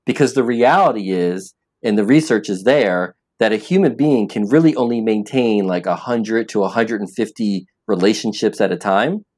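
A man's voice: on the low side, normal speed, few pauses, darkish tone. A man being interviewed as an app founder, talking earnestly and with emphasis, often repeating words as he starts a thought. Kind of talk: interview conversation.

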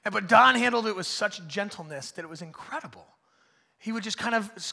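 A man preaching a conversational sermon in a church, swinging between loud bursts and hushed asides. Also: sits high, brisk, in a large hall. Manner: animated, swings from loud to hushed, acts out voices of others. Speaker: pastor.

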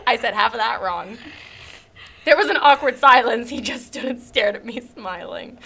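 Young Canadian woman, high bright voice, reads a goofy story and keeps cracking up. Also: normal speed, gravelly. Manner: giggly, breaks into laughter while reading. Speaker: reader of a fan story. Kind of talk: casual dramatic reading with commentary.

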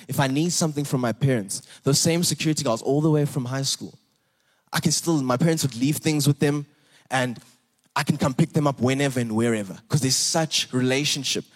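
A young man preaching a sermon, earnest and animated, repeating words and rising for emphasis. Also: mid-range voice, fairly quick. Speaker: pastor.

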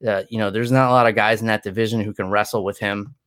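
A man's voice: on the low side, fairly even intonation, fast, fairly bright tone, clear, resonant tone, dry recording, clean studio sound. A tired man chatting loosely as a podcast co-host, rambling with many restarts. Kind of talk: casual chat.

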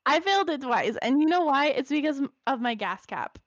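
A young woman in casual chat, telling an animated story full of "like" fillers. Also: sits high, fairly quick, no echo. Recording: slightly dull lo-fi dry sound.

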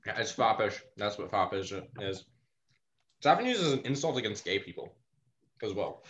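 A man's voice: on the low side, big pitch swings, normal speed, fairly bright tone. A man acting as game master in a casual tabletop session over a voice call, explaining things at length in an opinionated way. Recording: muffled call audio with faint noise.

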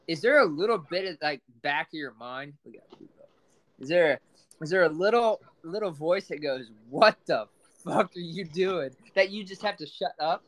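A man's voice: a little high, lively intonation, moderate pace. A man co-hosting a podcast, rambling through crude casual banter. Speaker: podcast co-host.

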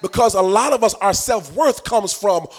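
A male preacher delivering a sermon in a sing-song cadence, swelling into shouts and addressing the congregation directly. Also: sits high, animated, normal speed.

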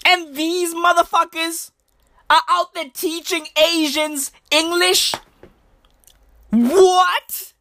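A woman's voice: very high-pitched, level tone, slow, bright, forceful tone, a little hiss or hum. A woman giving crude, mocking comedic commentary in slangy talk. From South Africa.

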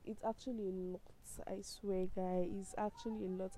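A vlogger in her twenties with a Nigerian accent talks straight to the camera casually, ranting in an impassioned, exclaiming way and laughing as she goes. Her medium-pitched voice is warm and level at a moderate pace, though the audio is poor with slight background noise.

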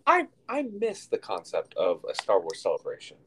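A man's voice: on the low side, wildly swooping pitch, normal speed, fairly bright tone, husky, low-quality recording. A man co-hosting a casual podcast, talking in a rambling, chatty way with many fillers and restarts. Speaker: podcast co-host.

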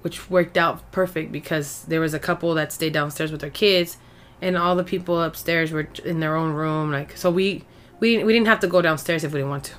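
A woman's voice: low voice, fairly even intonation, brisk, fairly bright tone. A woman co-hosting a podcast from Mexico, telling stories in casual chat and switching between English and Spanish with lots of swearing. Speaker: podcast co-host.

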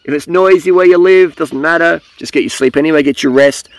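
A man's voice: a little high, fairly quick, no echo. A young man talking to camera outdoors in a blunt, rambling, profane way about cycling habits. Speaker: cycling vlogger. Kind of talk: casual rambling monologue.

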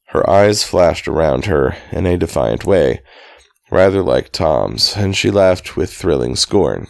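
A man's voice: extremely low pitch, lively intonation, measured pace, gravelly, a little mellow, dry recording. A man reading a novel aloud in a dry, casual way, fixing slips and breaking off for chatty asides. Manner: dry, self-correcting, stops to comment on his own reading. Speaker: reader of a novel.

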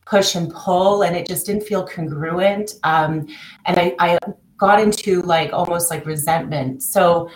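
On this podcast interview, a female coach who works with clients tells personal stories in a somewhat low voice at a measured pace. Talkative and prone to restarting her sentences, she performs quoted voices as she goes. The sound is reverberant and rough, with a little hiss or hum.

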